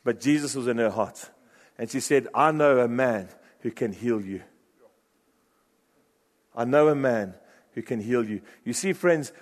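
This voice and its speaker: A man preaching a sermon with passion, shifting from loud urgent bursts to hushed, low phrases. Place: church hall. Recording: long reverb of a large hall.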